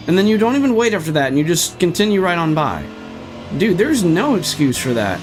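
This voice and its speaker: A man's voice: high-pitched, sing-song, brisk, noisy background. A young man streaming sim racing, ranting in frustration and swearing while walking through replay footage. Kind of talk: ranting livestream commentary.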